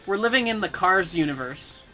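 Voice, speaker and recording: A man streaming a game with friends, tossing out deadpan, teasing one-liners. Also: sits high, brisk, low-quality recording. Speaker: livestreamer playing a game. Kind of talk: casual gameplay chat. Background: game music.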